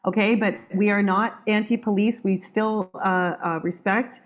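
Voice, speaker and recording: A woman's voice: medium pitch, fairly even intonation, measured pace. A woman hosting a group video call, talking in a blunt, firm way with many restarts. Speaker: call host. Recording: dull lo-fi call audio.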